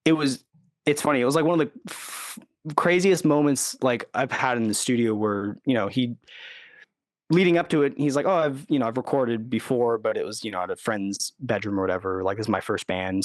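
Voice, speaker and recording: A man's voice: mid-range voice, lively intonation, normal speed, no room sound. Man, casual rambling talk, filler-heavy, dry studio sound. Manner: rambling, full of "like" and "you know", acts out quotes. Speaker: recording engineer and producer, guest.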